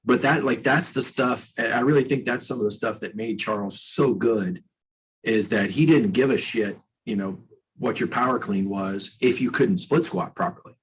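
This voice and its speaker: A man's voice: medium pitch, moderate pace, slight background noise, low-quality recording. A man, a strength coach guest on a podcast, talking bluntly and emphatically and swearing freely. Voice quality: husky. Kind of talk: podcast interview.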